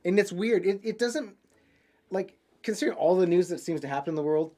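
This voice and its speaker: A man's voice: high-pitched, expressive, brisk, mellow. A man co-hosting a tech chat show, telling a story in a rambling, casual way with many restarts. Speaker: podcast co-host.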